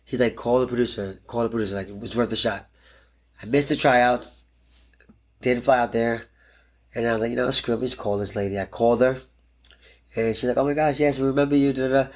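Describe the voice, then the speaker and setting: A man's voice: mid-range voice, fairly even intonation, a little fast, long pauses. A man in his thirties, a pro fighter guest in an interview, telling a story bluntly and animatedly and swearing freely.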